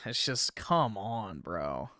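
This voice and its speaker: A man's voice: on the low side, big pitch swings, takes it slowly, sharp tone, no room sound. A man live-streaming, reacting to another stream in blunt, profanity-laden casual commentary. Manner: blunt, swears constantly, scoffing.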